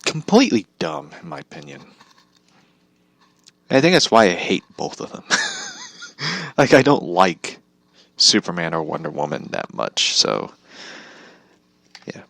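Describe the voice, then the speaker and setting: Young guy with a deep voice rambling to the camera, laughs a lot, cusses, dry sound. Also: very animated, unhurried, gravelly, long pauses, fairly bright tone, no echo. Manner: laughs often, swears, rambling restarts. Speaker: vlogger. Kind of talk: casual rambling monologue.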